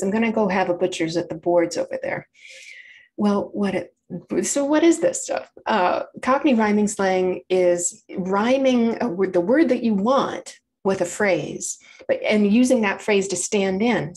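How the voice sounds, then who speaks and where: A woman's voice: medium pitch, darkish tone, low-quality recording. A woman presenting a public library talk, explaining things in a chatty way with wry asides.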